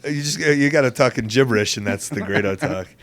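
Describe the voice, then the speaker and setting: A man's voice: mid-range voice, brisk, fairly bright tone, slight background noise. A man hosting a podcast in casual chat, laid-back and joking, laughing easily. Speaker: podcast host.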